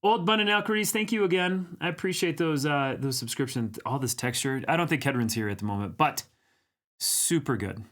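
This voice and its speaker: A fairly high-pitched, somewhat bright male voice moves along fairly quickly as he hosts a livestream. He banters casually, saying hi to viewers and teasing them while reading their comments aloud.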